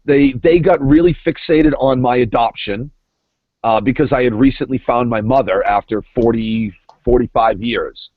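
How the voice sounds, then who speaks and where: Over a tinny, dry phone line with no echo, a former reality show contestant, now middle-aged, talks as a guest on a casual podcast. He speaks at normal speed in a mid-range voice, making his points emphatically and often repeating words.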